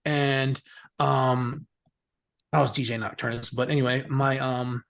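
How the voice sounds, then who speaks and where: A man's voice: mid-range voice, little pitch movement, measured pace, creaky. A middle-aged man telling stories in a rambling, casual way as an interview guest, swearing freely and laughing often. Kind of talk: casual storytelling.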